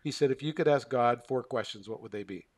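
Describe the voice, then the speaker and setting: A middle-aged man, a counselor appearing as a podcast guest, tells a story conversationally in a mid-range voice at a fairly quick pace. He's animated and acts out quoted dialogue, with many restarts and fillers.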